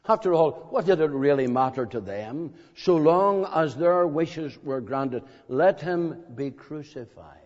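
Slow dramatic preacher in an echoing hall. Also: male voice, a little high, animated, darkish tone. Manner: slow, dramatic, with emphatic questions. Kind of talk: evangelistic sermon. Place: meeting hall. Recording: dull lo-fi recording in a reverberant hall.

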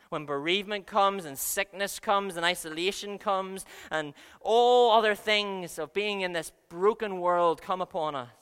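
A man preaching in a church, his voice bright, clean and resonant. He is earnest and moves from hushed lines to loud ones. A long reverb from the large hall trails behind each phrase. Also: sits high, clear, resonant tone. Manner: earnest, swings between soft and loud. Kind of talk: sermon.

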